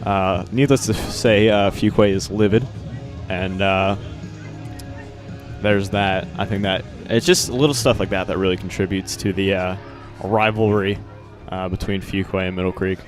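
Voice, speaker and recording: A man's voice: sits low, fairly even intonation, normal speed. A teenage man doing casual student sports commentary at a stadium, rambling and joking with plenty of fillers. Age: teens. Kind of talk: casual live commentary chat. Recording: music playing behind.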